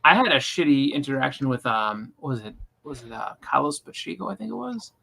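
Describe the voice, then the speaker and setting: A man co-hosting a casual convention chat, telling animated stories and acting out the quotes. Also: mid-range voice, brisk, vocal fry, husky. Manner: animated storyteller, acts out quotes. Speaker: podcast co-host. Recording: live convention panel, roomy mic.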